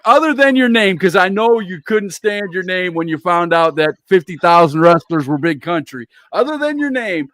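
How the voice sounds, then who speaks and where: Guy hosting, kinda high voice, hyped promo patter, dry close sound. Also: fairly bright tone, dry recording. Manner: enthusiastic promo delivery with repeated catchphrases. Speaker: interview show host. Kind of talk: casual interview, promoting events.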